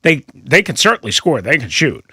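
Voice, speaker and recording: A man's voice: fairly high pitch, big pitch swings, fairly quick, sharp tone, slightly rough, no echo, clean studio sound. A middle-aged man hosting sports radio, talking in a rambling, self-deprecating way with lots of restarts. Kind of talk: casual sports radio banter. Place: radio studio. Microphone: studio microphone.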